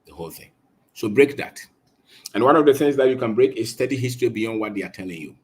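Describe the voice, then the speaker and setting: A man's voice: mid-range voice, expressive, fast, a little mellow, slightly rough. A man with a Ghanaian accent giving an impassioned, preachy talk, repeating his points for emphasis. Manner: emphatic, preachy, repeats phrases, switches between English and Twi. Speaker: speaker on colonisation.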